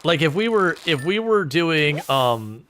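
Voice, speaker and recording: A man's voice: a little high, very animated, measured pace, fairly bright tone, slight background noise. Chatty man narrating his gameplay. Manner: chatty, joking, laughs often. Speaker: gaming video creator. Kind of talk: casual let's-play commentary.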